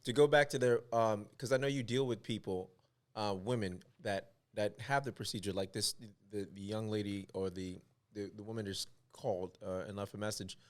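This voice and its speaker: A man's voice: on the low side, steady tone, moderate pace. A man co-hosting a podcast, talking casually and rambling with many restarts. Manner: rambling, repeats himself, restarts. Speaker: podcast co-host.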